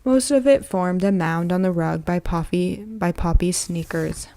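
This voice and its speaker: A woman's voice: fairly low pitch, measured pace, dark tone, no room sound. A woman reading a novel aloud in a plain manner, with occasional slips that she corrects. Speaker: reader.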